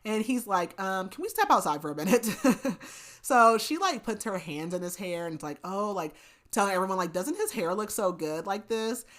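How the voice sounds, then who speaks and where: A woman's voice: medium pitch, very animated, moderate pace, fairly bright tone. Chatty woman recapping a book. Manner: chatty retelling, heavy use of "like" and "basically"; laughs and adds asides. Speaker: podcast host.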